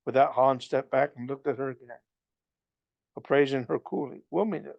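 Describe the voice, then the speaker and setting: Man with a gravelly, halting read. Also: mid-range voice, little pitch movement, no room sound, lo-fi sound. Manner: halting, with frequent restarts and slips. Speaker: reader. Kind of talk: reading a novel aloud.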